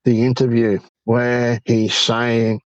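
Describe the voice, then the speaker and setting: At a slow pace and in a mid-range voice, an Australian man who is an interview-show guest animatedly recounts a night-time encounter, quoting both himself and his friend. The recording is muffled and has no echo.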